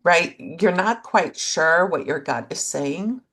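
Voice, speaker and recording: A woman co-hosting a relationship podcast in gentle, reflective casual conversation, speaking in short thoughtful phrases. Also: fairly low pitch, big pitch swings, takes it slowly. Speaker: podcast co-host.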